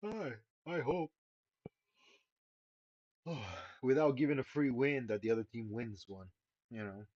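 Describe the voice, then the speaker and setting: A man's voice: mid-range voice, unhurried, a little mellow, no room sound. A man giving casual live commentary while streaming a game, laid-back and profane, sighing often. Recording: dull lo-fi stream mic.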